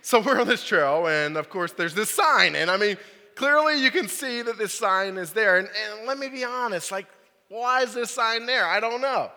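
A man's voice: high voice, lively intonation, moderate pace, bright, forceful tone. A young man, a youth pastor, telling a personal story in a casual, joking sermon, full of "like" and "right?". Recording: large hall with long reverb.

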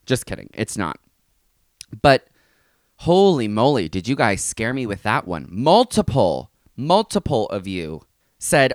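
A man's voice: medium pitch, big pitch swings, slow pace, a bit bright, no echo, clean studio sound. A young man hosting a casual solo podcast, ranting with exasperation and sarcastic asides. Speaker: podcast host. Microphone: close podcast mic.

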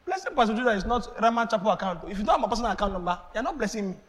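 This pastor delivers a lively sermon at a racing clip in a high, bright voice that carries well. His pitch jumps up and down as he acts out conversations and laughs between points, all ringing with the long reverb of a church hall.

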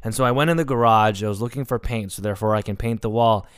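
A man's voice: on the low side, fast, smooth, no echo. A young man hosting a comedy podcast alone, telling a personal story in an emotional, rambling way with lots of fillers. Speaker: podcast host. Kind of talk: confessional solo storytelling.

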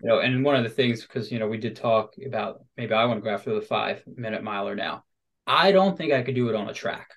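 A man hosting a podcast, talking in a chatty, upbeat and animated casual conversation. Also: fairly low pitch, fast. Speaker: podcast host.

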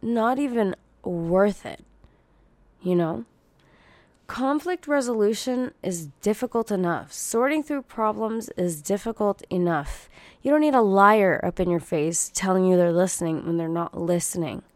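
A woman hosting a casual monologue podcast, blunt and profane, venting with sarcasm in a husky morning voice. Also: mid-range voice, measured pace, darkish tone, no echo. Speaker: podcast host.

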